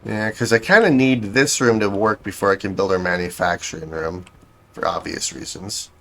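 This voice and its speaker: A man's voice: lowish voice, moderate pace, creaky, a bit bright. A man giving casual gameplay commentary, thinking aloud as he builds, with a dry, self-correcting, sarcastic manner. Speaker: game streamer.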